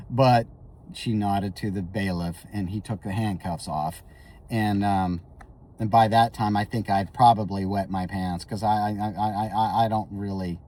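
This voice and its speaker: A man's voice: fairly low pitch, mellow, distant mic, slight background noise. A man rambling through a comic monologue in character, stammering and repeating himself. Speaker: comedic storyteller.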